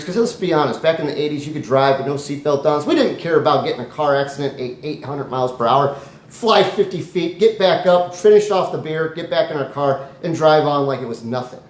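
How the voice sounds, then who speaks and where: Rambling comic storyteller, echoey room. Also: male voice, fairly high pitch, fairly quick. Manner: rambling, animated, with jokey asides. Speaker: comedy storyteller. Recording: echoey room, faint noise.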